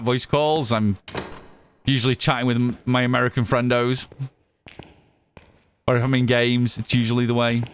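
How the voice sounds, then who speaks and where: A man's voice: medium pitch, a little hiss or hum. An English man from the Northwest, chatting casually while streaming a game and answering his chat, often repeating himself. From Northwest England, Cheshire. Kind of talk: casual live gameplay chat.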